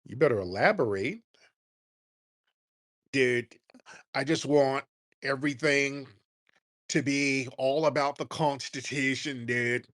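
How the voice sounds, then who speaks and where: A man's voice: medium pitch, slow, long pauses, a bit bright. A man voicing a mocked, rambling male caller who keeps saying "dude". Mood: mocking. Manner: drawling, repeats "dude".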